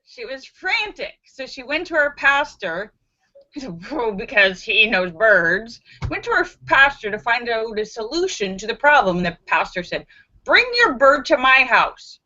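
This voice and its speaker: A woman with a bright, slightly high voice, hosting a live stream in an unhurried, chatty way. She greets viewers by name and reads out their jokes. The webcam audio sounds dull and lo-fi. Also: sing-song.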